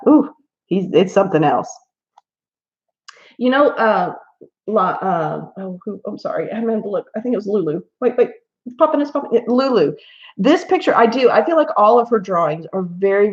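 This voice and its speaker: A woman's voice: fairly low pitch, lo-fi sound. A woman hosting a casual livestream at home while she colors, chatting in a rambling way and laughing often. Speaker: livestream host.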